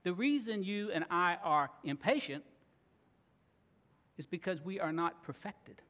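A man preaching a sermon, earnest and expressive, now and then acting out grumbling voices. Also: high-pitched, a little slow. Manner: earnest, acts out grumbling voices, laughs at times. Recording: long reverb of a large hall.

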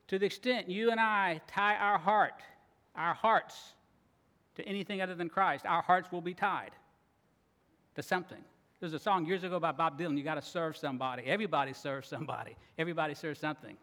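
A man preaching a sermon, earnest and expressive, now and then acting out grumbling voices. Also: high-pitched. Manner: earnest, acts out grumbling voices, laughs at times. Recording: long reverb of a large hall.

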